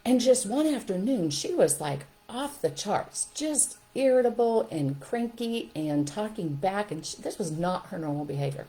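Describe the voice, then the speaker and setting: A woman's voice: medium pitch, animated, normal speed, hardly any pauses, dark tone, poor audio. A middle-aged woman hosting a casual teaching talk for parents, acting out scolding and soothing phrases as examples. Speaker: childcare trainer and podcast host.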